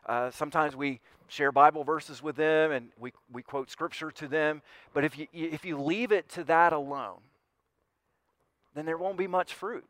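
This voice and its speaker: A man's voice: a little high, fairly even intonation, normal speed, hardly any pauses, fairly bright tone, no room sound. A male pastor preaching conversationally, restarting phrases and swelling on key points. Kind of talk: sermon.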